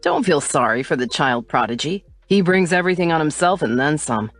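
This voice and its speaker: A woman's voice: low voice, lively intonation, fairly quick, no echo, soft background music. A woman voicing a teasing young man. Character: teasing playful young man, a loyal friend.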